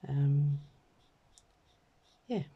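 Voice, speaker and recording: A middle-aged British woman with a croaky throat, chatting and rambling casually while she stamps and colours a card. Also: low voice, very slow, highs cut off. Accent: British English. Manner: chatty and rambling, many ums and asides. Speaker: craft vlogger.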